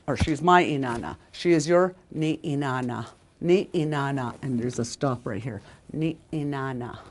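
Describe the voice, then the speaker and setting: A woman's voice: deep voice, a little mellow. A woman teaching a language lesson, repeating each word several times and correcting herself as she goes.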